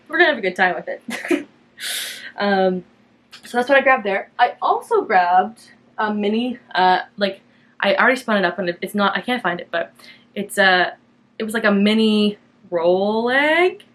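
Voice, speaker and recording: Talking casually to camera, a young woman from Canada runs her knitting podcast with an easygoing, wandering style, peppered with fillers and small false starts. Her voice sits in the mid range and lifts brightly whenever she repeats her own words.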